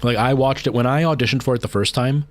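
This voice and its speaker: Guy on a game stream rambling through a long story, lots of ums and restarts, mid-pitched voice, dry close sound. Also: fast talker, no room sound. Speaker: livestreamer. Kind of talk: casual chat while gaming.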